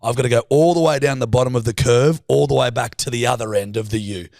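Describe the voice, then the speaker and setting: A man's voice: medium pitch, fast talker, vocal fry, no echo, clean studio sound. A young Australian man co-hosting a podcast, telling a story casually, swearing a lot and acting out the dialogue. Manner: swears freely, animated anecdote with quoted dialogue. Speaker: podcast co-host.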